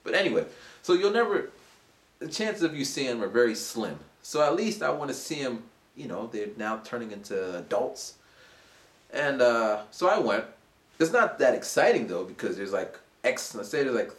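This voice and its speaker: A man around forty, an English teacher, casually telling a rambling story for his vlog. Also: moderate pace. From United States. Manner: animated, rambling, acts out voices in a high pitch. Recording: roomy echo.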